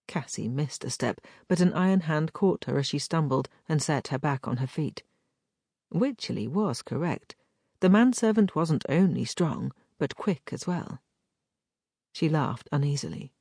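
A woman narrating a romance novel as an audiobook, with expressive storytelling. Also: a bass voice, normal speed, breathy edge, dry recording, studio quality.

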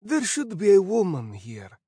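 A man voicing a sly elderly hooded envoy in an audiobook, with a higher, drawn-out scheming voice. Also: huge pitch swings, dark tone, breathy edge, dry recording, clean studio sound, exaggerated voice. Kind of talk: audiobook character voice.

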